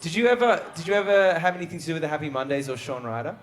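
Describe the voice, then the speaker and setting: A man hosting a live music trivia show, reading questions briskly and joking with the guests. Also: fairly high pitch, lively intonation. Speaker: quiz show host. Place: live venue before an audience. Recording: live show with crowd audible. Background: audience crowd.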